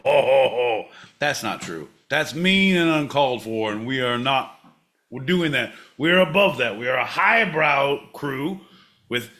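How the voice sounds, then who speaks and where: A man's voice: mid-range voice, a bit bright. A man hosting a podcast, announcing and joking in a profane, showman style. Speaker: podcast host. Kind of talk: rowdy comedic podcast banter.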